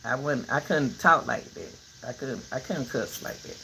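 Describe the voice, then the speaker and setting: Brief: older woman, vlogger, folksy and animated, lecturing her viewers; faint crickets behind. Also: extremely low pitch, moderate pace, creaky, background noise. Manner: animated, preachy, folksy advice. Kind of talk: casual vlog talk.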